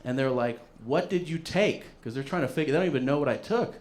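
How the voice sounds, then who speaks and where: A man's voice: medium pitch, quick pace, a little mellow, a little hiss or hum. A man doing stand-up comedy, telling a long story with plenty of swearing and acting out what other people said. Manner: profane, acts out other people's lines.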